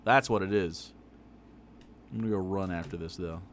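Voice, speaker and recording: A man's voice: low-pitched, normal speed, creaky, slight background noise. A man live-streaming his reaction to a video, swearing freely, laughing and talking back at the screen.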